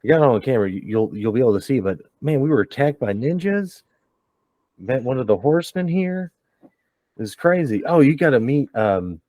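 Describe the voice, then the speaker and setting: A man voicing Spyglass, an excitable young ally in a tabletop game, gushing out news in a rushed, breathless way. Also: fairly low pitch, no echo, lightly acted. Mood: excited.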